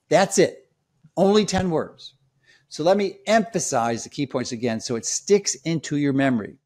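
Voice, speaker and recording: A man's voice: fairly high pitch, animated, moderate pace, a little mellow. A man speaking straight to his audience in an emphatic, lecturing way, repeating his key points. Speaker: health commentator. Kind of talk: direct-to-camera explainer.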